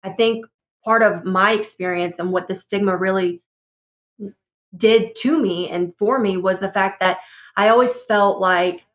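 A woman's voice: medium pitch, fairly even intonation, a little slow, a bit bright. A young woman guest on a panel, earnestly reflecting on her own teenage experience. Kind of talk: personal testimony in a panel discussion.

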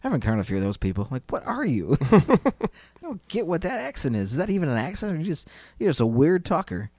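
A man's voice: on the high side, big pitch swings, quick pace, darkish tone, dry recording. A man hosting a podcast, telling a story in a casual, rambling, playful way full of "like" fillers. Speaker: podcast host. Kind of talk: casual chat.

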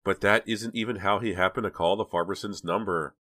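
A man's voice: low-pitched, fairly even intonation, fairly quick, sharp tone, dry recording, studio quality, pitched above the performer's own voice. A man voicing a shaken teenage girl who talks in an upset, insistent way.

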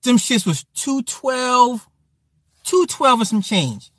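A man in his forties telling casual stories to his chat, animated and full of profane slang. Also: very high voice, takes it slowly, no room sound. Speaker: streamer talking to chat. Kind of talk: casual storytelling monologue.

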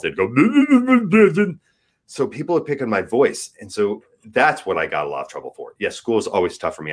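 A man in his forties speaking as a guest, frank and earnest, his delivery swinging between soft and emphatic. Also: deep voice. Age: 40s. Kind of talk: candid podcast conversation.

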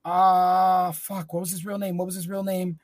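A man's voice: sits high, level tone, moderate pace, no room sound. A man co-hosting a podcast in casual, profane chat, rambling and searching for words as he talks. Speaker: podcast co-host.

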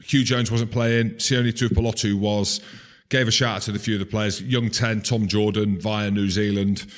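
A low-voiced man chatting about rugby on a podcast. He talks casually and mocks himself now and then. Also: fairly even intonation, moderate pace. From Scotland. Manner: chatty, self-mocking, name-dropping. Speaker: podcast co-host.

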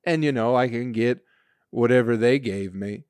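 A man's voice: mid-range voice, moderate pace, darkish tone, smooth, no echo. Rambling, cursing man podcaster, dry sound. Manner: rambling, profane, exasperated. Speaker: podcast host. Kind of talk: casual solo podcast monologue.

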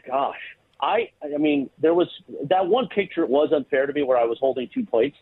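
A man on a thin, tinny phone line talks up his co-hosts in a lively, teasing way, full of mock-grand praise. His voice is high, husky and bounces all over the place. It sounds close and dry. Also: moderate pace, no echo. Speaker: radio show regular calling in. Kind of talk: casual sports radio banter.

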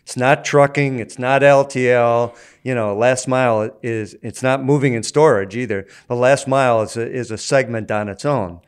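A man being interviewed as an association chairman, answering in a measured, businesslike way. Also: mid-range voice, steady tone, clean tone.

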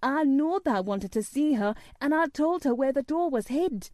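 A woman reading aloud, voicing a cheerful, simple country boy with a who sings a hymn high and slow. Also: dark tone, no room sound, studio quality, natural voice. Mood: excited.

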